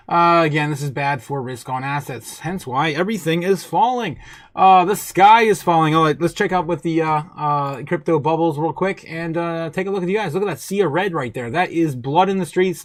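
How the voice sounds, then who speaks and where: A man hosting a market livestream, excitable and quick to laugh, reading viewer chat aloud. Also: a little high, no echo. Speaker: host.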